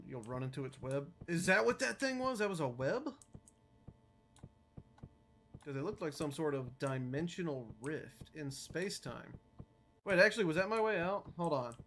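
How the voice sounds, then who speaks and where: A woman's voice: rumbling low, a little hiss or hum. A woman streaming a game, jumpy and nervous, talking to herself and her chat and swearing often. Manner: nervous, wavering loudness. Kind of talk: live gameplay commentary.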